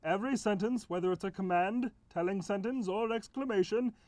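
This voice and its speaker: A woman voicing a calm, patient punctuation character in a children's educational skit, explaining and humming thoughtfully. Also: medium pitch, a little fast, dry recording, natural voice.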